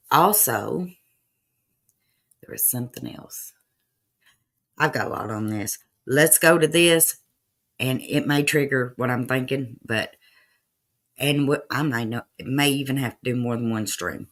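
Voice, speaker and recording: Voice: medium pitch, unhurried, pauses often, a bit bright. A livestream host giving loose, chatty commentary over archive clips, with fillers and asides to chat.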